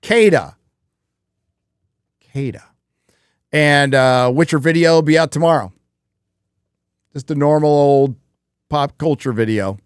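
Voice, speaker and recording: A man's voice: on the high side, a little slow, pauses often, clear, resonant tone, no echo, studio quality. A man hosting a casual live stream, talking bluntly with frequent swearing. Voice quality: profane, blunt. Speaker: livestream host.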